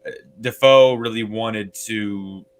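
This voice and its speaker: A man's voice: on the low side, steady tone, slow. A man co-hosting a casual movie review chat, telling a rambling story with many fillers and restarts. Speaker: podcast co-host.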